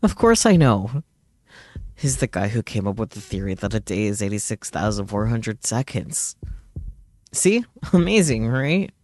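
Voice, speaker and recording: A man voicing a perky, eager young girl in a game reading, in a chirpy raised falsetto. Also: big pitch swings, measured pace, a little mellow.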